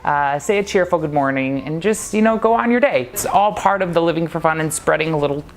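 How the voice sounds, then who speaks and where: A man's voice: fairly high pitch, lively intonation, fairly quick. A man casually telling a personal story to camera, chatty and laughing often. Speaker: vlogger.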